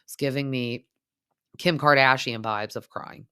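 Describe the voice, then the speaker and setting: A woman's voice: a bass voice, steady tone, measured pace, sharp tone, smooth, no room sound, clean studio sound. A woman in her thirties hosting a podcast, chatting casually and gossipily in a TV recap, filling her talk with "like". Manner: chatty, gossipy, heavy use of "like". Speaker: podcast host.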